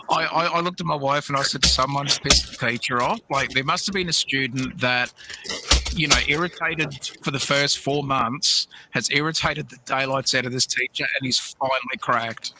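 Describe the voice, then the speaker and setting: A man's voice: mid-range voice, lively intonation, moderate pace, noisy background. A middle-aged man hosting a livestream, telling a rambling, laughing story with many restarts. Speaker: livestream host. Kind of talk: casual storytelling chat.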